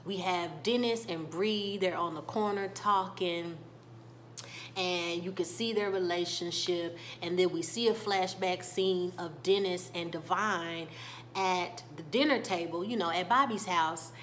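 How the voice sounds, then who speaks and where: A woman's voice: lowish voice, measured pace, slight background noise. Woman casually recapping a TV episode. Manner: lively retelling, acting out the characters' lines. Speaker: TV recap vlogger.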